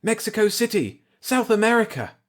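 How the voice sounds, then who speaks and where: A man's voice: sits high, big pitch swings, normal speed, pitched above the performer's own voice. A man reading aloud, voicing a hard-bitten young woman survivor who talks in breathless, eager bursts.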